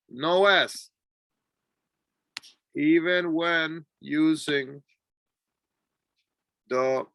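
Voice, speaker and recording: A man who speaks Spanish as his first language, teaching an English class with clear, deliberate repeat-after-me drills and an encouraging manner. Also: a little high, sharp tone, no echo, clean studio sound. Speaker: ESL teacher.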